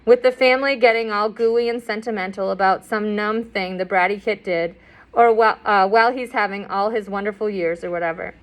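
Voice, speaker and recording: A woman's voice: medium pitch, steady tone, a little fast. A woman reading a novel aloud in a conversational way, with asides and fillers. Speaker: audiobook reader.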